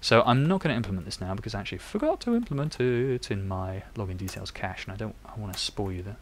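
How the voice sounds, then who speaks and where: A man's voice: fairly low pitch, expressive, fast talker, a little hiss or hum. A young man chatting and thinking aloud while he codes live on stream. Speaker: developer live-coding on stream. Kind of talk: live coding tutorial.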